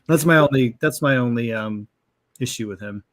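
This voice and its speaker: A man's voice: medium pitch, normal speed, no room sound. Male panelist, mid voice, sarcastic, curses a lot. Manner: sarcastic, swears freely. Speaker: livestream guest. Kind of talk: casual livestream chat.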